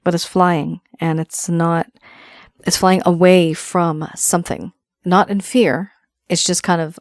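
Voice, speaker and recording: Woman tarot reader, lowish voice, dry close sound, musing and intuitive, addresses viewers directly. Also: little pitch movement, takes it slowly, dry recording. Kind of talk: solo tarot card reading to camera.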